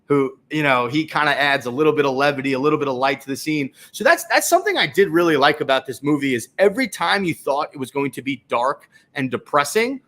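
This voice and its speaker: A man's voice: on the high side, animated, fast, hardly any pauses, pushed and bright. A young adult man co-hosting a casual movie review chat, hesitant and asking his co-host questions. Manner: hesitant, many fillers and restarts, asks his co-host questions. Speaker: film review podcast co-host.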